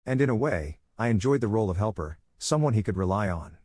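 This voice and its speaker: A man narrating a scripted first-person story in a steady, measured way, with a husky voice. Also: lowish voice, no echo, studio quality.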